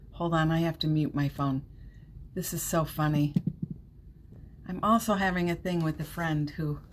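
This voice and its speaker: A woman's voice: deep voice, a little hiss or hum. A woman hosting a casual live stream, chatty, laughing often and reassuring her viewers, with a runny nose. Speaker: livestream host.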